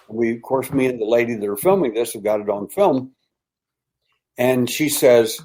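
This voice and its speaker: An older man speaks as a podcast guest at an ordinary, middle pitch. He tells his story haltingly, full of restarts, and often sinks into a hushed, dramatic tone. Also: poor audio. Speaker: interview guest, abduction researcher.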